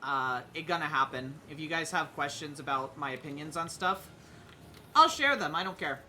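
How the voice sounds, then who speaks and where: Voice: medium pitch, fairly even intonation, a little fast, bright, forceful tone, a little hiss or hum. A streamer chatting casually while playing a game, hesitant with many fillers and restarts, sometimes humming tunes. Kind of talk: casual gaming stream chat.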